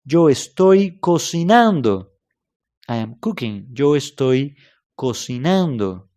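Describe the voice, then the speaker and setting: Animated man teaching a language lesson. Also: medium pitch. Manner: repeats examples slowly, checks in with "okay?" and "right?". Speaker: Spanish teacher.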